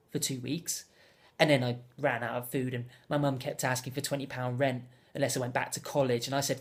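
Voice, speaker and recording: A young man delivering a deadpan, rambling comedic monologue as a self-absorbed character. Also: medium pitch, quick pace.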